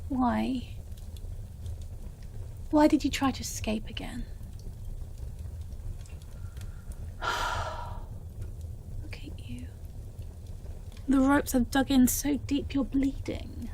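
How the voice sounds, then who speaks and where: Whispered role-play: woman voicing high, very slow, sweetly menacing yandere boss. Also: steady tone, vocal fry, slight background noise, heavily acted. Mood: possessive. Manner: sweet, cloying, quietly menacing. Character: obsessive possessive female yandere boss. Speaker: audio role-play performer.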